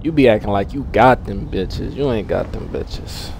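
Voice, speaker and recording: A man hosting a gaming channel, giving live gameplay commentary full of animated trash talk and loud outbursts. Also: lowish voice, moderate pace, vocal fry, slight background noise.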